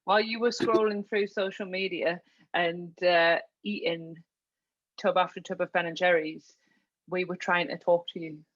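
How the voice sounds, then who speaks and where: A woman's voice: on the low side, steady tone, normal speed, dry recording. A woman hosting a podcast, chatting and affirming her guest. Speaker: podcast host. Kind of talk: casual podcast conversation. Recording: dull lo-fi sound.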